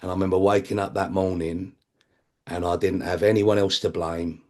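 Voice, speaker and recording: A man's voice: deep voice, level tone, moderate pace, a little mellow. A man speaking at a recovery meeting, sharing his personal testimony in a blunt, conversational way, swearing freely and acting out other people's voices.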